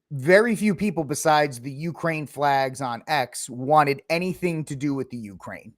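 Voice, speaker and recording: A man hosting a casual political podcast, opinionated and mocking, sometimes acting out quick impressions of politicians. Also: fairly high pitch, no echo, studio quality. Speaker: podcast host.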